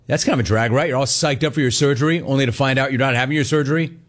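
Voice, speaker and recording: A man runs a sports talk radio show from the studio, brash and animated, taking callers one after another. He riffs on their calls and hammers the same punchy words over and over. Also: mid-range voice, racing.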